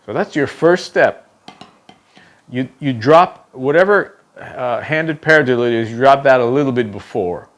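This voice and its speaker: A man's voice: mid-range voice, animated, moderate pace. Male drum instructor with a mid-range voice. Patient, talks through each step, counts beats aloud and checks in with "okay?". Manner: explains step by step, ends phrases with "okay?"; counts aloud while demonstrating strokes. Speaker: drum teacher. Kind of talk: instructional demonstration.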